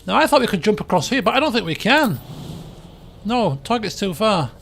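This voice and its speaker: A man's voice: sits high, big pitch swings, fairly quick, creaky, a bit bright, slight background noise. A man chatting his way through a video game, thinking aloud and poking fun at himself. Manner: chatty, thinks aloud, jokey and self-mocking. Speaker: game streamer. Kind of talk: casual let's play commentary.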